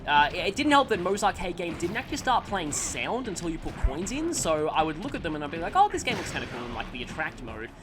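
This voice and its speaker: A let's-play clip with game music and a noisy background: the male host, a little high-voiced, talks very animatedly and fast with hardly any pauses. He wanders through a self-mocking story from his childhood, stopping now and then to react to what's happening in the game.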